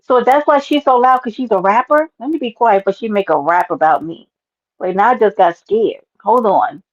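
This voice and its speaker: A woman hosting a casual livestream, talking loudly and lively to her chat, calling viewers by name and swearing freely. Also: medium pitch, normal speed, muffled recording. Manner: loud, animated, talks to chat by name, swears. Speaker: livestream host.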